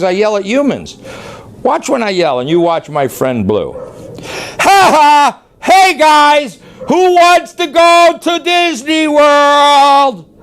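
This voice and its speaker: A man who runs a dog training facility, talking loosely and excitably as he demonstrates training, now and then yelling playfully. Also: high voice. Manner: loose, rambling, excitable, yells playfully at times. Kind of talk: casual on-camera demonstration.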